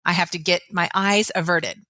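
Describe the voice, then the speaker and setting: A woman's voice: lowish voice, fairly even intonation, moderate pace, sharp tone, no echo. A woman in her forties, a weight loss coach, telling her story openly as a podcast guest. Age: 40s. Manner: earnest, open storytelling. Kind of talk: podcast interview.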